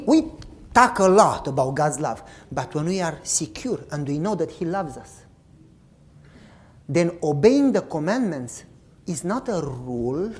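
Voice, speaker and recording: A woman preacher giving a sermon with personal stories and an animated way of telling them. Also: deep voice. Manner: animated storytelling, swings from loud to soft.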